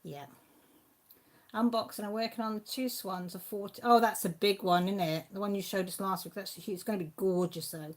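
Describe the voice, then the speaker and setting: A woman's voice: medium pitch, fairly even intonation, fairly quick. A woman hosting a casual live-stream chat from home, reading out and answering viewer comments. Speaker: channel host. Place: at home with her pets.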